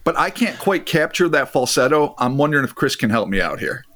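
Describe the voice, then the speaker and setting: A man's voice: mid-range voice, a little fast. A man hosting a podcast, mixing casual chat with reading a story aloud and swearing freely. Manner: animated, laughing, swears freely. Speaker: podcast host.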